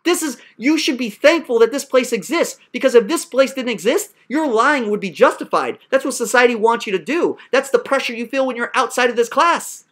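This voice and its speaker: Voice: mid-range voice, expressive, a little fast, few pauses, a bit bright. A professor berating a student in a profane, sarcastic classroom rant.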